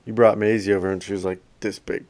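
A man's voice: fairly low pitch, level tone, fast, darkish tone. A man chatting casually with a friend, laid-back, swearing casually and giving short agreeing replies. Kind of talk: casual chat.

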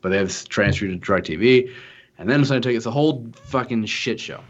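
A man's voice: mid-range voice, brisk, highs cut off. A young man in his twenties telling a frustrating story in a casual, profane, exasperated rant. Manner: exasperated, profane, animated retelling.

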